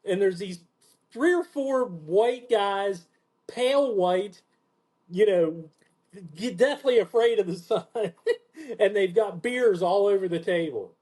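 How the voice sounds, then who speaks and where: A man hosting a podcast, telling an animated story in casual chat, swearing freely and acting out what people said. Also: slow pace. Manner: animated, profane, acts out quotes in a lower voice. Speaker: podcast host.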